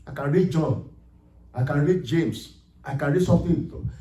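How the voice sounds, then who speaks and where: A male pastor preaching a sermon, rising to emphatic shouts as he reads scripture. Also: on the high side, unhurried. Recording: echoey room, mic at a distance.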